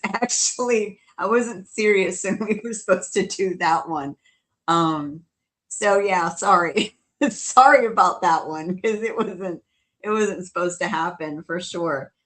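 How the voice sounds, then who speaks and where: A woman co-hosting a casual podcast, chatty and quick to laugh as she tells stories. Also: on the low side. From New Orleans. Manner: chatty, laughs often, quotes others in lively bursts. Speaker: co-host.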